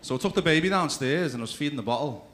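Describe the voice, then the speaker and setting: A man's voice: a little high, lively intonation, rapid-fire, a bit bright. Crude chatty stand-up man. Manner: crude, chatty storytelling with asides to the crowd. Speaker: stand-up comedian. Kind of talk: stand-up comedy routine. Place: comedy club stage.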